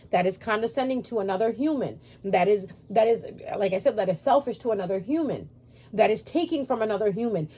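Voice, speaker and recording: This spiritual YouTuber has a mid-range voice with a dark, slightly rough tone. Addressing her viewers directly, she vlogs spiritual advice to subscribers in an emphatic, repetitive manner.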